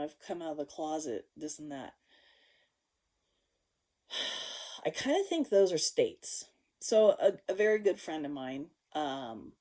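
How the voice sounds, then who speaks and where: A woman vlogger telling a personal story to her viewers, frank and casual, swearing freely, swinging between loud outbursts and hushed asides. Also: deep voice.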